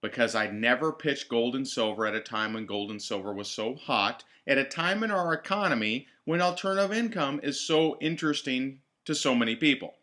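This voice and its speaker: Brief: male trainer, bright tone, direct coaching delivery, repeats key lines for emphasis. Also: medium pitch, expressive, brisk, hardly any pauses. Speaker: network marketing trainer. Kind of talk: team training talk.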